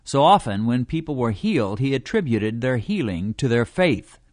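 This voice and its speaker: A man reading a devotional teaching in a measured way, slowing down to stress quoted scripture. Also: mid-range voice, big pitch swings, darkish tone, no room sound, studio quality. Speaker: preacher.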